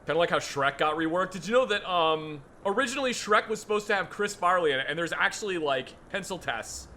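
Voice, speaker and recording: A man's voice: sits high, animated, a little fast, bright, forceful tone, a little hiss or hum. A man co-hosting a gaming video, chatting casually in a rambling, self-amused way with plenty of fillers. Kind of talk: casual chat while gaming.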